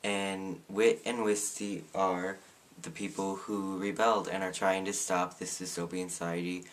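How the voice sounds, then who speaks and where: Teenage guy, lowish voice, casual sarcastic book-review vlogger. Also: little pitch movement, unhurried. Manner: opinionated and sarcastic.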